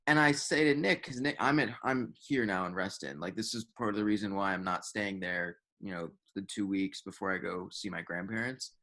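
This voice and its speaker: A man's voice: low-pitched, fairly quick, hardly any pauses, pushed and bright. A young man co-hosting a podcast in casual chat, rambling with lots of filler words and swearing. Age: young adult. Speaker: podcast co-host.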